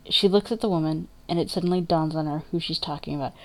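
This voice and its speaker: A woman reading dramatic fiction aloud in a measured, emotive narration. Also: sits low, steady tone, darkish tone. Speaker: story reader.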